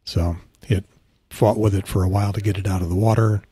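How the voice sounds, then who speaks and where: Male podcast host, husky and low, dry close sound, hushed rambling delivery. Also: steady tone, quick pace, no echo. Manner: rambling, self-correcting, quiet. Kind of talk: casual solo podcast talk. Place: outdoors on a beach trip.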